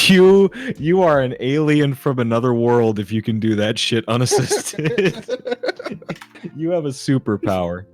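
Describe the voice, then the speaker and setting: A man telling a story with animated exaggeration and profanity in a casual chat. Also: mid-range voice, slow, soft background music. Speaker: podcast co-host. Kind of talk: casual chat among friends.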